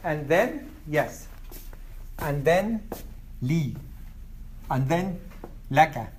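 A man teaching an Arabic class, repeating words slowly for his students. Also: fairly high pitch, lively intonation, darkish tone, a little hiss or hum. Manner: slow, repeats words for learners.

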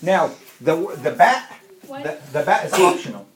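A teacher leads a classroom lesson, going over each word patiently and saying it again and again. The voice sits at an ordinary middle pitch. It carries the echo of a roomy classroom with a faint hiss behind it. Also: big pitch swings. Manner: patient, repeats words slowly and often. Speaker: Arabic teacher.

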